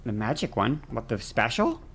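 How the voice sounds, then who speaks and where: A woman's voice: extremely low pitch, big pitch swings, moderate pace, slight background noise. A woman streaming a game, chatting casually with her viewers and ranting with heavy swearing and frequent restarts. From not American. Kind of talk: casual chat while gaming on stream.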